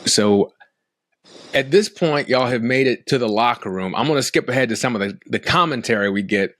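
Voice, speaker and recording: A man hosting a casual interview podcast, talking in a relaxed way while he goes through a video with his guest. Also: mid-range voice, normal speed, no room sound, studio quality. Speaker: podcast host.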